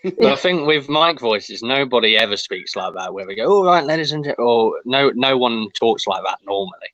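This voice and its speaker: A man hosting a podcast, relaxed and asking questions of his guests in casual chat. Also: mid-range voice, normal speed, dry recording, lo-fi sound. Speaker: podcast host.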